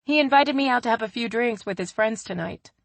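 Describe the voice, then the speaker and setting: A woman's voice: fairly high pitch, expressive, fairly quick, creaky, no echo, pitched above the performer's own voice. A woman reading the lines of a playful, cheerful young professional woman in a romance story. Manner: cheerful, playful, soft at times.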